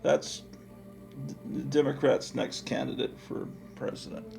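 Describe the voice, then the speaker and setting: A man's voice: mid-range voice, level tone, unhurried, gravelly, a little mellow, faint music behind. A man hosting a casual, digressive show-and-tell of his comic collection, talking offhand with many fillers. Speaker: comic book collector and channel host.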